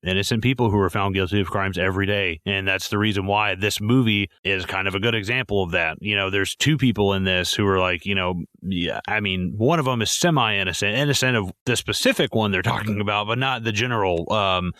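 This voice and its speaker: A man with a fairly low but bright, forceful voice, thinking out loud about a film. He restarts sentences often and swears freely, and the sound is close and dry. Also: fairly quick, hardly any pauses, dry recording. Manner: rambling, restarts a lot, swears, acts out characters' lines. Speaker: podcast co-host. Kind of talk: casual movie commentary.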